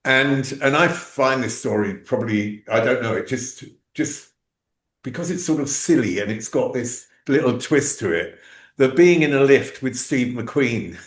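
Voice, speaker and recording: A man of middle pitch hosts an interview, musing through his questions with plenty of fillers. The room around him is noticeably echoey. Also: a little slow. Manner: relaxed, musing, many fillers. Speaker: interview host. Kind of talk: conversational interview. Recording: roomy echo.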